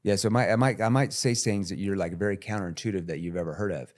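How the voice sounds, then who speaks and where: A man with a low, fairly deep speaking voice talks through sales tactics in a podcast interview. He breaks into animated role-play, acting out callers and salespeople. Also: fast talker. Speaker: sales trainer, podcast guest. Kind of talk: energetic interview talk with acted sales calls.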